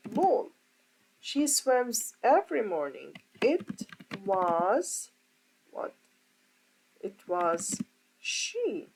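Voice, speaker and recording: A woman's voice: medium pitch, noisy background. A woman teaching a grammar lesson as an English teacher, explaining step by step and asking her class rhetorical questions. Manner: slow, deliberate, asks rhetorical questions.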